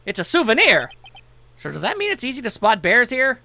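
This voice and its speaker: A man's voice: extremely high pitch, wildly swooping pitch, fairly quick, gravelly, sharp tone, no echo. A man giving casual, jokey commentary over a video game, reading the on-screen text aloud. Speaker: let's play commentator.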